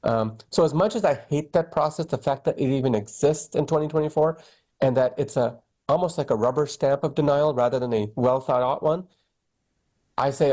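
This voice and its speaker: Middle-aged male doctor guest, candid, conversational, lively storytelling. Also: mid-range voice, moderate pace. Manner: candid, animated storytelling with quoted dialogue. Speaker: oncologist guest. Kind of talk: conversational interview.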